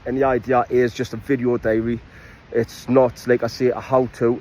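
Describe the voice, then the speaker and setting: Geordie man, mid-pitched, easygoing outdoors instructor, chatty and unpolished, phone-recorded. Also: rough recording. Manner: relaxed, with frequent ums and restarts. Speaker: falconry and bushcraft instructor. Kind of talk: casual vlog introduction. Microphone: iPhone.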